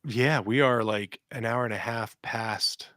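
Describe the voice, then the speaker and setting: A man's voice: mid-range voice, unhurried, dry recording, clean studio sound. Rambling storytelling podcast man. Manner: rambling, animated, acts out quotes and sounds. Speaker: podcast co-host. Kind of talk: casual storytelling chat.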